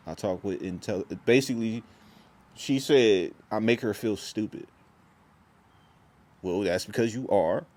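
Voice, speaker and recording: Deep-voiced man rambling in a vlog. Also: unhurried, darkish tone. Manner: rambling, restarts, slangy and intense. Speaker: vlogger. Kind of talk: casual monologue vlog.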